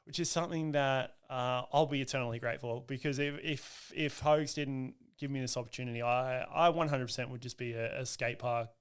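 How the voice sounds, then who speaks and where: Smooth-voiced man telling stories. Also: mid-range voice, fairly quick, few pauses. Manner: lively, acts out quoted voices, frequent restarts. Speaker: guest, motocross riding coach. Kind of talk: casual storytelling in a podcast chat.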